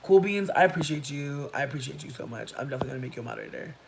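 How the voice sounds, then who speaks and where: Gravelly and very fast, with lively intonation, the livestream host dramatically recounts something from his own life to viewers, adding sassy, slangy asides. The recording is rough, with low rumbling noise behind him.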